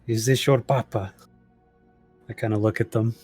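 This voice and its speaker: A man's voice: lowish voice, fairly even intonation, normal speed, a little mellow, breathy edge, dry recording, faint music behind. A man voicing a theatrical male bard with formal, courtly, old-fashioned speech in a tabletop game. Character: theatrical male bard, gentle and peace-loving. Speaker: player.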